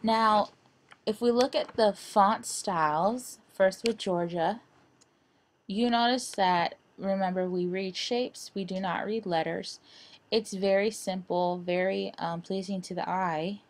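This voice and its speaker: Woman, design instructor, slow unhurried delivery, halting, lots of fillers, screen-recorded lecture. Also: medium pitch, a little hiss or hum. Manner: halting, many fillers and restarts.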